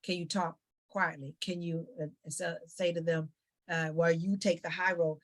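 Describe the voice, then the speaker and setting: A woman psychologist talking as an interview guest, giving lively conversational advice and acting out little family dialogues. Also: lowish voice, moderate pace. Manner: animated, acts out family dialogues with quoted voices.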